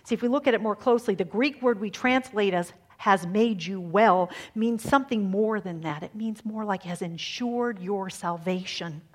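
Husky-voiced woman preaching with hushed emphasis. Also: mid-range voice. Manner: dramatic, swings from hushed to emphatic. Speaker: speaker giving a faith talk. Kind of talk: sermon.

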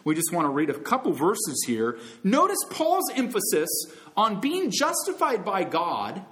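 Lively, swooping male preacher. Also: a little slow. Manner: emphatic preaching, swooping from loud high peaks to low soft drops; calls listeners friends, brothers and sisters. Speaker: pastor. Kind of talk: sermon.

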